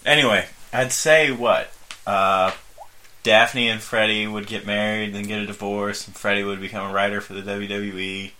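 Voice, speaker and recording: A man co-hosting a comedy podcast, making offhand dark jokes in casual banter. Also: lowish voice, fairly even intonation, normal speed, a little hiss or hum. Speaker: podcast co-host.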